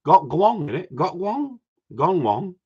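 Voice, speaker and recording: Male streamer, husky, animated swearing storyteller, lively pitch, lo-fi sound. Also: slow pace. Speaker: live stream host. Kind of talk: casual ranting chat.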